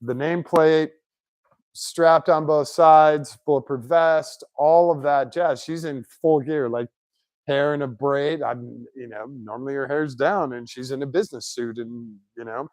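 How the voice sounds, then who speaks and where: Man, mid pitch, casual garage storyteller, animated, close dry sound. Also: measured pace, dry recording. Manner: chatty, animated anecdotes with put-on quotes. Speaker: shop owner, car builder. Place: home garage shop.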